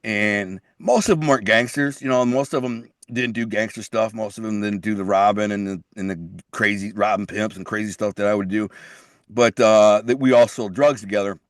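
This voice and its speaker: A man's voice: on the low side, fairly even intonation, moderate pace, no room sound, clean studio sound. A middle-aged man, a guest telling his life story in blunt street talk, repeating and restarting words. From Detroit. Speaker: guest, author. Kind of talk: casual storytelling interview.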